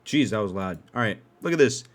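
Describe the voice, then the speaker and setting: A young man telling a story casually on a podcast, cursing freely and breaking into loud excited bursts. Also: lowish voice, a little fast. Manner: animated, profane, swings into loud excited outbursts. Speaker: podcast host.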